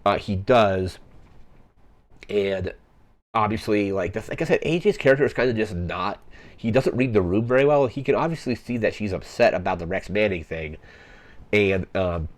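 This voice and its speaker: With a fairly low, animated voice at normal speed, this young podcast host rambles through a film plot recap, dropping "like" constantly in casual talk.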